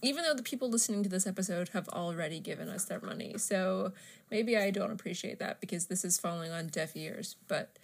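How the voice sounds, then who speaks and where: A woman's voice: on the low side, fairly quick, gravelly. A woman co-hosting a podcast in casual chat, teasing and laughing often. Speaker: podcast co-host.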